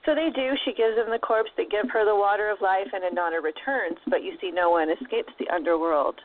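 A woman's voice: mid-range voice, fairly quick. A woman casually retelling an old myth, slipping into playful voices for the characters. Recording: tinny phone-line audio.

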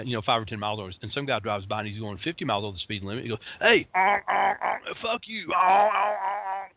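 Husky gravelly guy in his 50s, rambly dry humor, tinny phone-like audio. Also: lowish voice, no echo. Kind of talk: casual spoken talk.

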